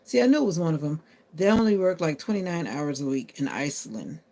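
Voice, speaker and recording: Woman on a phone live stream, lots of vocal fry, just chatting and reading comments out loud. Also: deep voice, animated, a little fast. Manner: chatty, answers viewer comments aloud; talks to her phone assistant. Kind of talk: casual live-stream chat.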